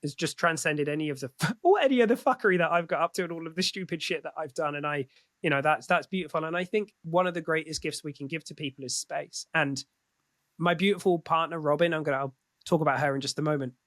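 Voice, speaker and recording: A man's voice: fairly high pitch, fast talker, fairly bright tone, no room sound. A man speaking as a podcast guest in candid, casual conversation, swearing freely and often restarting his sentences.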